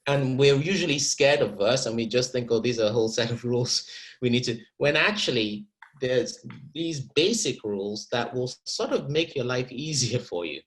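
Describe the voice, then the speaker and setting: An acting teacher coaches actors through verse in a masterclass, animated and encouraging, often repeating a word while searching for his next thought. His voice sits at an ordinary middle pitch at a moderate pace, and the audio is poor.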